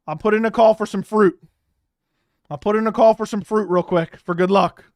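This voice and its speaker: A young man with a high voice hosts a live fight watch-along. He talks in a loose, animated way, curses freely and keeps repeating lines. The sound is dry and close to the mic. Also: normal speed, no echo. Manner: animated, swearing, repeats himself, bursts into loud outbursts. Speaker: host reacting to a live fight.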